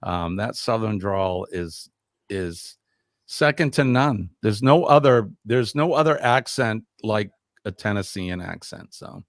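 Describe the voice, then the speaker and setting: A man's voice: lowish voice, expressive, slow, no echo, clean studio sound. A man hosting a casual live stream, chatty and upbeat, reading out viewer comments during a quiz.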